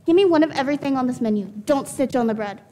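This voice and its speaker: A woman's voice: high voice, animated, quick pace. A woman playing a pushy, impatient diner demanding service in a stage play. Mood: bossy. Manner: loud, pushy and commanding.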